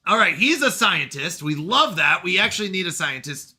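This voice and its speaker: Animated, bright-voiced man gaming. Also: high-pitched, moderate pace, breathy edge, soft background music. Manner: animated, scolds himself over mistakes. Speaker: game streamer. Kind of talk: let's play commentary.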